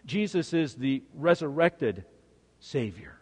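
Brief: male preacher, high expressive voice, dramatic sermon storytelling. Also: normal speed, big-room sound. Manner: dramatic storytelling, swings from hushed to emphatic.

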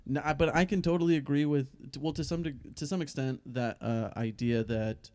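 A young man co-hosting a podcast, talking in halting, hesitant casual chat with wry asides. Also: fairly high pitch, a little mellow, dry recording, clean studio sound. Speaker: podcast co-host.

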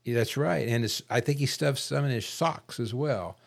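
Measured, throat-clearing man in a talk podcast. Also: mid-range voice. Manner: measured, wordy, clears his throat often. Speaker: podcast co-host. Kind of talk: casual political discussion.

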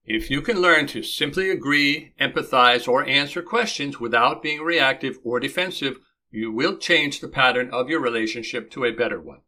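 A man with a bright, forceful voice gives calm, instructive relationship advice on his podcast. He speaks in a mid-range voice and acts out short lines of dialogue between spouses. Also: medium pitch, moderate pace. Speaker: relationship coach and podcast host. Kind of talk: scripted podcast advice monologue.

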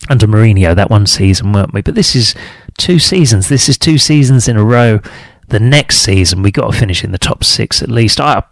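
A man's voice: lively intonation, brisk, creaky, no echo. A man giving his frustrated opinions as a football fan, talking solo and mocking other fans' views. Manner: frustrated, ranting, mocks other fans in high put-on voices. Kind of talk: opinionated solo talk to camera.

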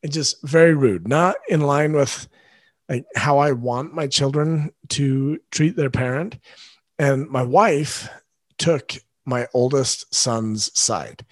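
A father hosts a parenting podcast by himself, speaking earnestly and directly to his listeners in a solo monologue. His voice is medium-pitched and slow, with no echo.

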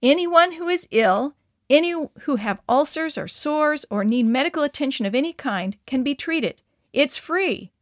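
A woman's voice: a little high, lively intonation, normal speed, dry recording, clean studio sound, close to an everyday voice. A woman voicing an earnest, kind male preacher in a read-aloud story, speaking up emphatically.

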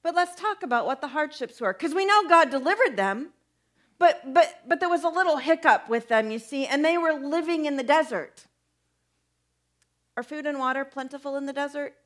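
A woman's voice: sits high, expressive, moderate pace, fairly bright tone. A woman preacher giving a conversational sermon, asking her listeners many questions.

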